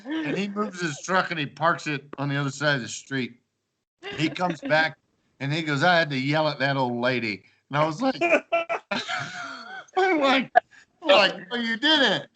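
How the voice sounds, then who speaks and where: Bright-voiced man telling party stories. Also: a little high, moderate pace, slight background noise. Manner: animated, acts out quoted lines, laughs often. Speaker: storyteller among old housemates. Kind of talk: casual storytelling chat.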